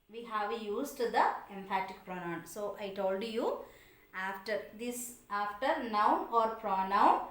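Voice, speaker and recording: Slow, lively-pitched woman teaching grammar. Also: roomy sound. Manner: patient, asks students questions, repeats examples; non-native English phrasing. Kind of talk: online grammar lesson.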